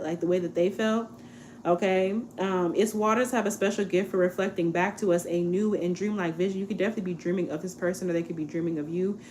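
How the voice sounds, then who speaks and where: A woman in her twenties giving a casual tarot reading, chatty and relaxed, often checking in with "okay?". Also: fairly low pitch, a little hiss or hum. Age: 20s. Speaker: tarot reader.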